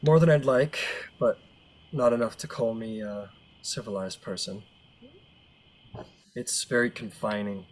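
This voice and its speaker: A man voicing a gruff male ranger who is uneasy in cities and speaks in a dry, clipped way. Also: fairly low pitch, steady tone, a little slow, long pauses, a little hiss or hum, lightly acted, rough recording.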